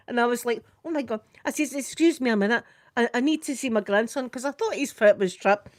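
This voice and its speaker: Animated older Scottish woman telling a story. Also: fairly high pitch, brisk, no room sound, clean studio sound. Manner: animated, repeats "I says" while retelling a conversation. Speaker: vlogger. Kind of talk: casual storytelling chat.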